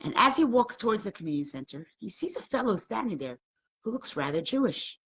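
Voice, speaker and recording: A woman teaching a live class, telling a story in an animated, conversational way and acting out the quotes. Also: medium pitch, fairly quick, slight background noise.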